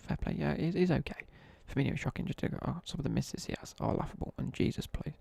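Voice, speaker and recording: A young man tells a rambling school story between asides about his game. His voice is deeply gravelly and somewhat husky, with a dark, mellow tone. The close mic picks up little room sound. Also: fast, no room sound, in a whisper. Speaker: streamer. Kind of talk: casual chat while gaming.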